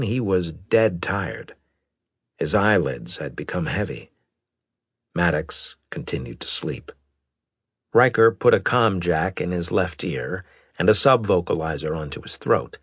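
A man narrating a story in steady scripted storytelling, close to a studio mic. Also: low-pitched, slightly rough, no room sound. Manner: steady storytelling with expressive character voices. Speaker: audiobook narrator.

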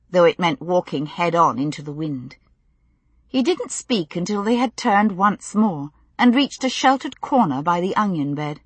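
Woman audiobook narrator, husky, low voice, lively intonation, dry close sound. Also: moderate pace, no echo. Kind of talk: scripted narration.

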